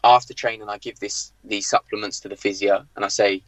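A man, a former footballer, telling an anecdote on a podcast, animated and acting out the dialogue, with frequent "like" fillers. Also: fairly low pitch, a little fast, no echo, low-quality recording. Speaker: former professional footballer, guest. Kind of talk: podcast storytelling.

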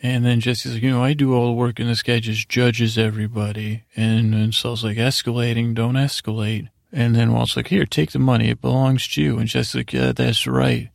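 Gravelly guy droning thru an episode recap for bedtime, pretty flat, lots of uhs. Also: medium pitch, normal speed, hardly any pauses, dry recording, studio quality. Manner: rambling, monotone retelling with lots of fillers. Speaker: podcast host.

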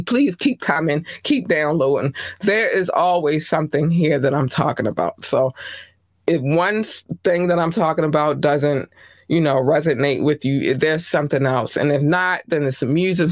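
A woman hosting her podcast in casual solo chat, warmly thanking listeners place by place and jumping high in pitch when excited. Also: no room sound. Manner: effusive, shouting out listeners by country. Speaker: podcast host.

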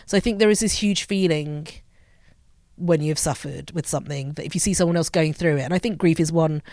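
A woman's voice: sits low, a little fast, darkish tone, no room sound, clean studio sound. A woman, a journalist talking as a guest in an interview, thoughtful and candid, slipping into voices when she retells things. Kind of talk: reflective conversational interview.

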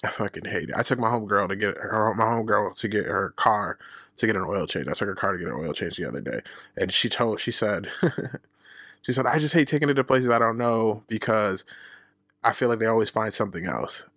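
A man hosts his own podcast and tells a personal story in a relaxed, profane way. His voice is low and gravelly, and it swings up and down as he acts out the people he quotes. The sound is dry and close, with no room echo. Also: brisk. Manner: profane, candid, laughs at himself. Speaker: podcast host. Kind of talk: casual storytelling monologue.

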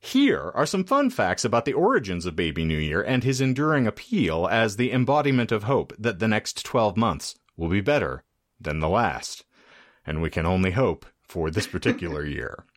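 A man's voice: on the low side, big pitch swings, normal speed. A man hosting a podcast, reading out research in a wry, mock-formal way and breaking into laughs, with a casual chat feel. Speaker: podcast host presenting research.

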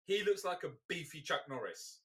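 A man in excitable podcast banter, cursing freely and laughing as he goes. His voice sits fairly high and swings widely in pitch. The tone is bright and forward. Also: normal speed. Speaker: podcast co-host. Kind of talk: casual banter.

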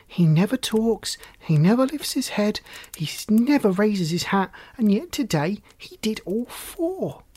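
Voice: mid-range voice, darkish tone, breathy edge, close to an everyday voice. A storybook reader voicing Lucinda, an eager village girl who fires insistent questions. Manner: rapid-fire insistent questions.

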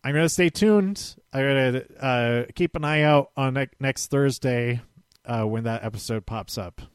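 A man's voice: medium pitch, normal speed, clear, resonant tone, no echo, studio quality. A man giving a casual, rambling spoken recap, often restarting and correcting himself with small chuckles. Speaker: show recap host.

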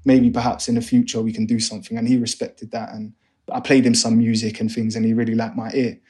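Young man, podcast guest, animated storyteller who mimics the people he quotes. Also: mid-range voice, fast talker. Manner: animated, acts out other voices in his stories. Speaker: guest, music A&R manager. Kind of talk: casual storytelling interview.

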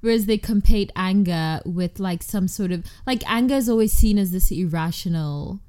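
A woman with a mellow, warm voice at a middle pitch. She reflects thoughtfully as she talks in a relaxed, casual chat. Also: normal speed.

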